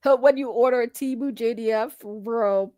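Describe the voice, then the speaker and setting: Blunt, high-voiced woman streamer ranting. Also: normal speed, dark tone, no room sound. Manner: blunt, heavy swearing, talks straight to chat. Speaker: livestream commentary host. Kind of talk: ranting livestream commentary.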